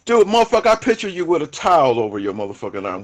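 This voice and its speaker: A brash man swears through a casual voice chat and boasts loudly. His pitch swings in a lively way and sits slightly high. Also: racing. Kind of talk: casual profane debate chat.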